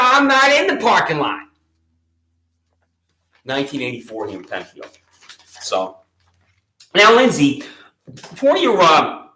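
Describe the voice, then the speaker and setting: A man delivering an indignant, mocking rant straight to camera, full of sarcasm and taunting questions. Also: a little high. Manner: loud rising taunts at times. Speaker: local activist vlogger. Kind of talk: ranting monologue to camera. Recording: echoey room.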